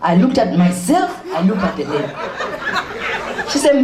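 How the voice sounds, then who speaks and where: A woman telling comic stories on stage, acting out the people in them and laughing and shouting as she goes. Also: sits high, sing-song, moderate pace. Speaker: stand-up comedian and spoken-word poet. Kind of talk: stand-up storytelling with poetry. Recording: echoey room.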